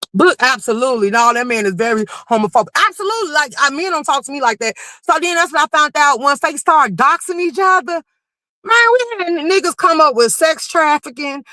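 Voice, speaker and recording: High, bright-voiced woman ranting. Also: no room sound, poor audio. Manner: animated, profane, quick to raise her voice. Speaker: livestream commentary host. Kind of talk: casual storytelling rant.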